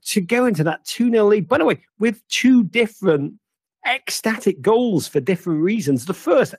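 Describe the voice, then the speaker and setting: A man's voice: high voice, expressive, moderate pace, a little mellow, breathy edge, no room sound, studio quality. A man hosting a football chat, telling stories theatrically and teasing his caller playfully. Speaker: host.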